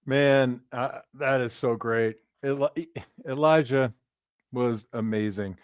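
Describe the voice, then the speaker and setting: A middle-aged former player shares stories on a casual sports podcast, acting out the people in them. His voice is smooth and resonant, mid-pitched, and sounds dry and close. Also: takes it slowly, dry recording. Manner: tells lively anecdotes, often acting out the voices of others.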